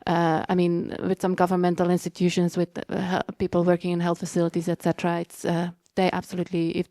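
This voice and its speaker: A woman on a conference panel, speaking haltingly and searching for words. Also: on the low side, monotone, warm tone, dry recording, clean studio sound.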